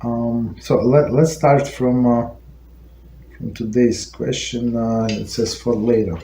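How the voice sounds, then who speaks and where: Guy teaching a relaxed class, lots of uhs and restarts, echoey room, bit of hiss. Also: mid-range voice. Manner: halting, many fillers and restarts. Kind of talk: informal Torah lesson. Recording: echoey room with faint noise.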